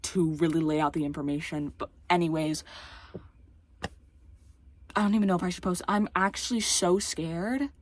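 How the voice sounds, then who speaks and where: A woman's voice: lowish voice, steady tone, moderate pace, pauses often. A woman vlogging in a heated, exasperated rant, rambling and restarting, her speech a little slurred by a retainer and prone to voice cracks. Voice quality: occasional voice cracks. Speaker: YouTuber. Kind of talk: casual ranting vlog.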